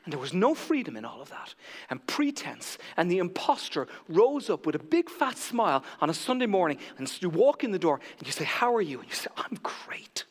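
A man preaching a sermon from the pulpit, moving between loud proclamation and hushed near-whispers. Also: high-pitched, big pitch swings, a little fast, long reverb tail. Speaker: pastor. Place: church sanctuary.

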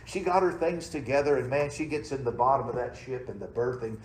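A man preaches in a church with a folksy, dramatic manner, swinging from loud emphasis down to near-whispers. His voice sits at an ordinary pitch. The room is roomy and echoing, with a faint hum of ambience behind him. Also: lively intonation, brisk. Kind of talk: sermon. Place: church sanctuary.

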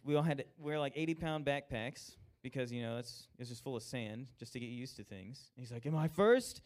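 Young man telling an animated faith testimony. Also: medium pitch. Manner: animated, acts out quoted voices, laughs at himself. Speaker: speaker sharing a personal testimony. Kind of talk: storytelling testimony.

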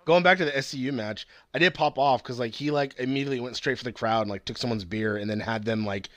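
A man's voice: medium pitch, quick pace, a bit bright, no room sound. A young man chatting casually about wrestling, slangy and profane, often laughing. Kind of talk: casual wrestling chat podcast.

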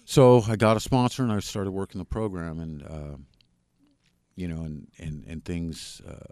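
A man, a podcast guest, candidly telling his personal recovery story in a plain-spoken, halting way with frequent restarts. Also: sits low, steady tone, a little mellow, clear, resonant tone, no room sound.

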